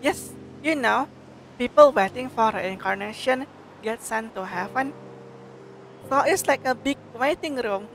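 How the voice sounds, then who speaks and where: A woman's voice: fairly high pitch, unhurried, pauses often, slight background noise. Woman reading as a smug heavenly girl. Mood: breezy. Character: boastful playful heavenly girl.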